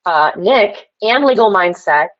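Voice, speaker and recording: This livestream guest, a woman with a mid-range voice and lively intonation, takes her time telling a rambling story. She calls out to the chat throughout the casual rant, and the sound is muffled.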